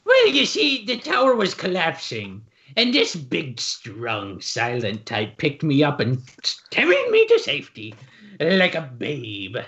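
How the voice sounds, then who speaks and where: A man's voice: fairly high pitch, wildly swooping pitch, unhurried, pushed and bright, muffled recording, full character voice. A man voicing a small, cheeky, flirtatious male gremlin in a tabletop game, with a playful, teasing tone.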